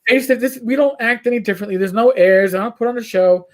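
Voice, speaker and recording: A man's voice: extremely high pitch, fast talker. A man with a New York accent hosting a casual livestream chat, talking bluntly and profanely, rambling with restarts. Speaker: podcast host.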